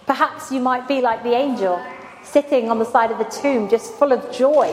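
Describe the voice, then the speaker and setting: Woman preacher, higher voice, chatty sermon, long church reverb. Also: moderate pace. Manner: conversational, asks the congregation questions. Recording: echoey church hall with faint ambience.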